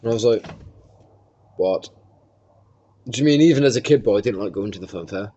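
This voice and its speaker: A man's voice: fairly low pitch, animated, brisk, warm tone, husky, lo-fi sound. A young man, hosting a podcast and telling a long story in a casual chat. He swears a lot, rambles and keeps adding "do you mean?". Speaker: podcast host.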